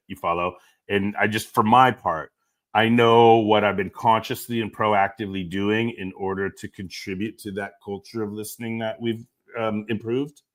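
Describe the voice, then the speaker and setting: Dad hosting a chat w his kid, kinda low voice, stops and restarts a lot. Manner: halting, self-interrupting, earnest. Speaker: podcast host, father. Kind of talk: casual chat.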